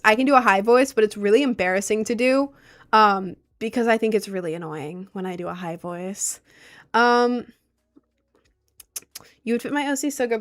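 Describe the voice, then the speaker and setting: A young woman streamer whose natural voice sits on the low side, chatting casually and reacting aloud to her chat. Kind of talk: casual livestream chat reading comments.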